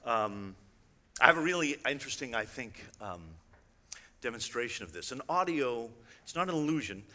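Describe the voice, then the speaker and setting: Male illusionist on stage, crisp bright voice, wry chatty delivery, long hall reverb. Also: mid-range voice, animated, moderate pace. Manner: chatty, wry, addresses the audience directly with frequent asides. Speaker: illusionist giving a talk. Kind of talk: conversational stage presentation.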